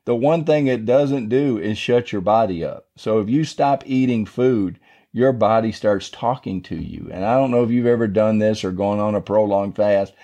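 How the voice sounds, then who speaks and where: Man with a mellow, folksy teaching voice. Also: on the low side, moderate pace, dull audio. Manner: folksy and rambling, digressive. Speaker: devotional podcast host. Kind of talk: casual Bible teaching.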